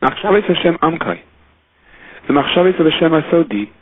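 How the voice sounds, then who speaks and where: A man, a rabbi, giving a Torah lecture in an animated storytelling manner with pitch rising and falling for emphasis. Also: fairly quick, slightly rough, no echo. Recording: tinny phone-line audio.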